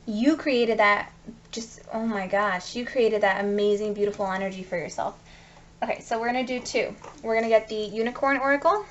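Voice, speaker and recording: A woman's voice: a little high, normal speed, lo-fi sound. A woman giving a tarot card reading, gushing and speaking straight to her viewers. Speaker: tarot reader.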